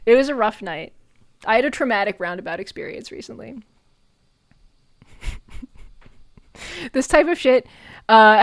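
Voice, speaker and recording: Animated young woman streamer, dry close mic. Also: a little high, no room sound. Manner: animated, swears a lot, frequent laughs. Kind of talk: casual storytelling.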